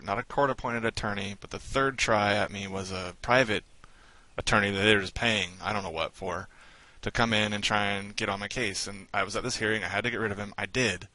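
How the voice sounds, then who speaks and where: Brief: American man, lowish bright voice, quick storyteller, dry close sound. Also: dry recording, low-quality recording. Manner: fast, storytelling, gives direct advice. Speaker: participant sharing advice. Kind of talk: casual group discussion.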